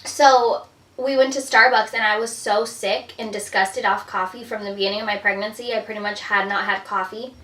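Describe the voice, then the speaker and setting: A woman's voice: mid-range voice, steady tone, normal speed, a bit bright. A young adult woman giving a casual pregnancy update at home, chatty and full of fillers, a little out of breath. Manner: chatty, filler-heavy, lots of 'like' and 'um'. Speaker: vlogger. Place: indoors at home. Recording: roomy echo, mic at a distance.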